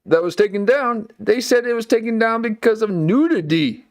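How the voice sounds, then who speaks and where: A man's voice: high-pitched, animated, moderate pace. A man hosting a late-night commentary stream, talking in a sarcastic, rambling way and often tacking on "okay" and "folks". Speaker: live stream host.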